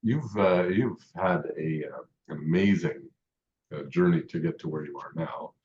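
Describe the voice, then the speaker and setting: A man's voice: very deep voice, measured pace, darkish tone. A man hosting an interview podcast, joking with his guest and asking questions with a few hesitations. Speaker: podcast host. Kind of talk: casual interview. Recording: dull muffled audio.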